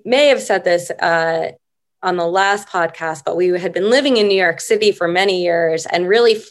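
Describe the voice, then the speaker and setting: A middle-aged woman, a podcast guest, telling stories at an unhurried, reflective pace in a casual interview. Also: lowish voice.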